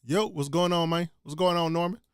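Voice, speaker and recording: A man's voice: fairly high pitch, fairly quick, smooth, dry recording. Laid-back man reviewing tracks, dry sound. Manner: relaxed, blunt critique in loose slang. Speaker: music reviewer streaming live. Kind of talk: casual live-stream commentary.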